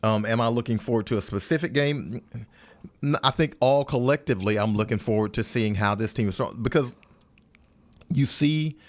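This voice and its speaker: A man giving casual sports chat as a radio color analyst, folksy and animated with playful turns of phrase. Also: fairly low pitch.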